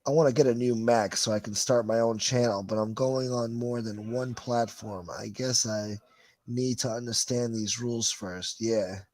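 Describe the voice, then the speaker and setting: A man's voice: medium pitch, fairly even intonation, moderate pace, a little mellow, dry recording. A man hosting a livestream, reading chat comments aloud and riffing on them in profane, rambling, wisecracking casual chat. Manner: profane, rambling, wisecracking, calls people boy.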